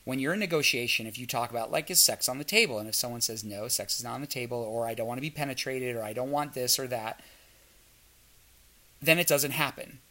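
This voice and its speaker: A man's voice: medium pitch, fast, sharp tone. A man telling a frank story in casual chat and acting out the dialogue as he goes. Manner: storytelling, acts out quoted dialogue.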